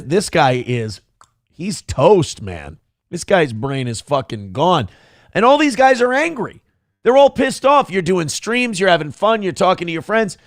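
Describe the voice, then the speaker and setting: A man's voice: high voice, vocal fry, dry recording, clean studio sound. A man hosting a live stream, ranting profanely and sarcastically while reading the chat. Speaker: live show host.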